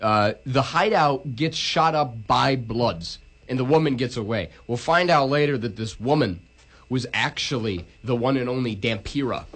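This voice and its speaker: A man's voice: mid-range voice, normal speed, fairly bright tone. Rambling, cussing young man recapping a movie. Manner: rambling, profane, restarts a lot. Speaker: podcast co-host. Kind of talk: casual movie recap chat.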